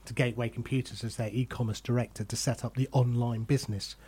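A man's voice: medium pitch, fairly even intonation, fast, warm tone, breathy edge. A middle-aged man hosting a podcast, chatting casually and telling self-deprecating stories from his career. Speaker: podcast host. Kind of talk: casual conversation.

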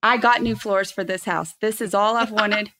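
A woman in her thirties, appearing as a guest, tells a heated personal story in casual conversation, swearing and loudly acting out quotes. Her mid-range voice moves at a normal speed, with a slight hiss or hum on the recording.

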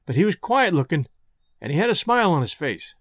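A man's voice: a little high, sing-song, brisk, no echo, studio quality. A man narrating a first-person storybook tale in folksy, rustic dialect. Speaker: audiobook narrator.

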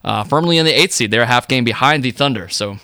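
A man's voice: mid-range voice, expressive, fast talker, sharp tone, clear, resonant tone, no echo, clean studio sound. A man co-hosting a sports podcast, talking casually about basketball with loose, rambling phrasing and fillers.

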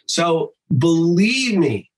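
A man who works as a voice actor and improv teacher, talking in a casual podcast interview in an animated way, swearing freely and slipping into quick voices. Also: on the high side, low-quality recording.

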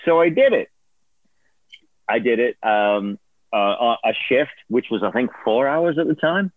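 A man's voice: mid-range voice, lively intonation, a little slow, no echo. A man tells a story as a guest, his voice swinging up and down as he laughs and acts out other people's lines. The line sounds narrow and phone-like, and the sound is close and dry with no room around it. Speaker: guest, former producer turned on-air host. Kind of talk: casual storytelling interview.

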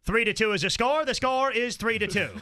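A man voicing a male sports radio announcer who keeps slowly repeating the score. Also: very high voice, sharp tone. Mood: mock-earnest. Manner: slow, deliberate, overly precise delivery.

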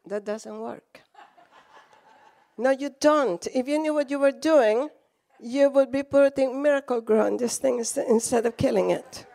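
High-voiced Latina woman preaching. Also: unhurried, creaky. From Latin America. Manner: animated storytelling, acts out quotes, laughs often. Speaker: guest preacher. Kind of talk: sermon with storytelling.

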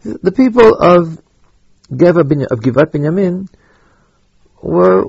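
A man teaching a Torah lesson, halting and repeating words as he thinks aloud, with Hebrew terms mixed in. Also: high-pitched, expressive, creaky, darkish tone, husky, no echo, muffled recording. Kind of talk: spoken Torah lecture.

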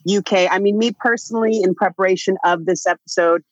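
A woman's voice: mid-range voice, steady tone, fast, no room sound. A woman hosting a podcast, bubbly and playful, laughing with her guests. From United States. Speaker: podcast host. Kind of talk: casual podcast chat. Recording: dull, dry lo-fi sound.

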